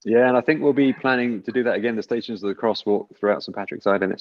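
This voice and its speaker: A man hosting an online church discussion over a video call, relaxed and joking as he invites each person to speak. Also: lowish voice, fast talker, hardly any pauses, muffled recording. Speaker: church host.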